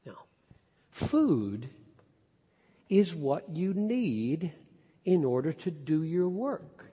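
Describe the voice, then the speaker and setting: A man preaching an expository sermon, emphatic, climbing to loud peaks and then dropping low. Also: very animated, drawn-out words, husky. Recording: long hall reverb.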